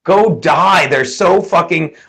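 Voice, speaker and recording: A man with a high, bright, forceful voice riffs crudely on a podcast. His talk is rambling and full of profanity, quick to mock and jump from one gripe to the next. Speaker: podcast co-host. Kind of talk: crude casual banter.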